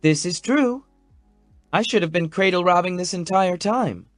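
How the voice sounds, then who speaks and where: A man's voice: fairly high pitch, animated, normal speed, no room sound, faint music behind, voice pushed up, close to an everyday voice. Man voicing a wobbly tender young woman. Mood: playful. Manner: wobbly, emotional, soft-spoken. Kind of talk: audiobook character voice.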